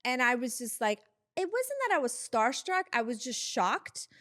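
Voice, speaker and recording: Woman, higher voice, animated storyteller, dry close recording. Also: normal speed, dry recording. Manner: animated storyteller, acts out quoted voices, laughs often. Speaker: guest, reality TV producer. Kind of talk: casual storytelling interview.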